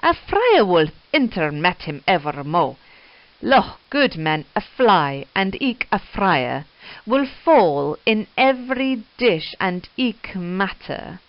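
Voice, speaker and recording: A woman voicing a quarrelsome medieval male summoner who shouts insults in Middle English verse. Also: medium pitch, big pitch swings, slow pace, no room sound. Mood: scornful. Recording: dull lo-fi recording.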